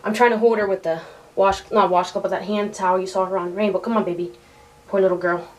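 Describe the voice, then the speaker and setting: A woman filming her sick pet bird at home on a handheld camera, close to tears, talking in a halting, tender way with sighs and restarts. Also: medium pitch, steady tone, a little mellow, a little hiss or hum. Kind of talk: emotional home video complaint.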